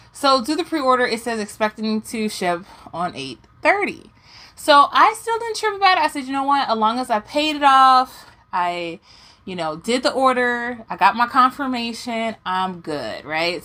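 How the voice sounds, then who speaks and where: Animated woman ranting to camera. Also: medium pitch, normal speed. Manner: animated storytelling, acting out her own reactions. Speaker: doll collector vlogger. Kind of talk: casual rant to camera.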